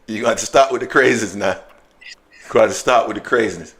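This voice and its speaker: A man hosting a casual sports live stream, talking in loose, animated, slangy banter. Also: lowish voice, fast talker. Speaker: sports show host.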